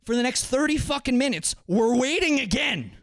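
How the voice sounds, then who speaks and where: A young man streaming, ranting casually and profanely to his chat, swinging from low muttering to loud exasperated outbursts. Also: expressive, moderate pace, no echo, clean studio sound.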